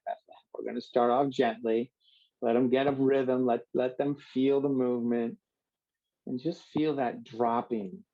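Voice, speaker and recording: A man guiding a yoga class in a calm, unhurried way, drawing out his cues. His voice is mid-pitched with a warm, mellow tone. The recording sounds dull and lo-fi. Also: gravelly. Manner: calm, slow, drawn-out cues. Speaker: yoga instructor. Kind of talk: guided yoga instruction.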